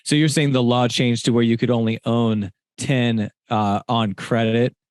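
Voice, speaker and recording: A man hosting a podcast interview, curious and quick with follow-up questions, sometimes correcting himself. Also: mid-range voice, fairly even intonation, dry recording, clean studio sound. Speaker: podcast host.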